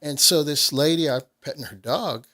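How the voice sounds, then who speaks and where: A man's voice: a little high, moderate pace, sharp tone. A middle-aged man from Nashville, a radio host in casual chat, telling stories and acting out what people said. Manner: storytelling, acts out quoted voices.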